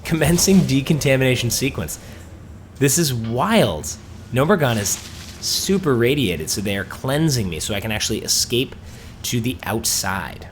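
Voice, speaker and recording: A man's voice: medium pitch, expressive, normal speed, slight background noise. A man hosting a let's play, chatting enthusiastically and reading quest dialogue aloud in a storytelling tone. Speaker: gaming host.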